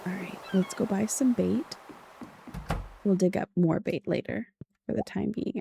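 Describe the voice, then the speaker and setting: A woman giving soft, playful, unhurried commentary while playing a relaxing game. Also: medium pitch, gravelly, slightly rough, dry recording. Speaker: gaming channel host. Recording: game music underneath.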